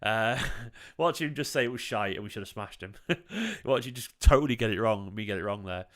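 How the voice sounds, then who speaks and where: A man's voice: fairly low pitch, a little fast. A man hosting a livestream reaction to a football match, talking casually, swearing now and then and repeating phrases for emphasis. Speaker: fan channel host.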